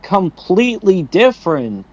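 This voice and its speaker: A podcast co-host on a remote call, chatting casually in a halting, drawn-out way with lots of fillers. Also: medium pitch, sing-song. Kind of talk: casual chat. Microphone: remote call audio. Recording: dull lo-fi call audio.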